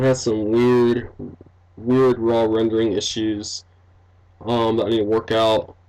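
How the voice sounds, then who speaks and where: Rambling young man, slow and halting. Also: medium pitch, a little mellow, rough recording. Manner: rambling, full of fillers like "um", "like" and "you know"; laughs often, self-deprecating. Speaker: game developer and let's-play commentator. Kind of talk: casual gameplay commentary.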